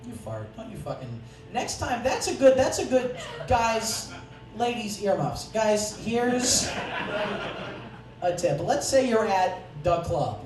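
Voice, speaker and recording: A young man with a high-pitched voice speaks slowly over music during a profane, sarcastic stand-up comedy set on a club stage, dropping deadpan asides. The recording is distant and echoey, with audience noise from the club.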